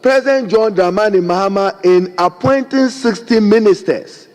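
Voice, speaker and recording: A man's voice: sits high, moderate pace, darkish tone. A middle-aged man with a Ghanaian accent giving a formal, emphatic speech in a parliamentary debate, repeatedly addressing the Speaker. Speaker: member of parliament. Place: large parliament chamber. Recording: long chamber reverb, faint background noise.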